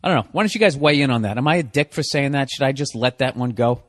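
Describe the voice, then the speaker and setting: A man's voice: medium pitch, lively intonation, quick pace, a bit bright, no echo. Brief: exasperated male podcast host ranting with heavy profanity and sarcasm. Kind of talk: comedic rant.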